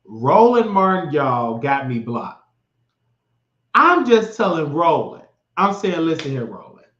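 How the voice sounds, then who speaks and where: A man rants in a heated, mocking and sassy way as he hosts a political commentary show. His voice sits fairly high. The recording is dull and lo-fi, with a roomy echo around him. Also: sing-song, slow, fairly bright tone. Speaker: show host. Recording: echoey, dull lo-fi room sound.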